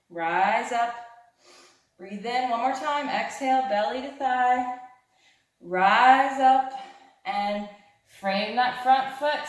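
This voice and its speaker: A woman leading a fast yoga class with upbeat, encouraging cues, a little out of breath. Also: mid-range voice. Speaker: yoga instructor. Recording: very echoey room.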